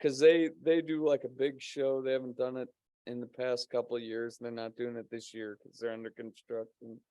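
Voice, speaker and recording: A man's voice: mid-range voice, flat delivery, fairly quick, warm tone, no room sound. A man telling a rambling story in casual podcast chat, swearing and laughing often. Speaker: podcast guest; co-host of a paranormal podcast.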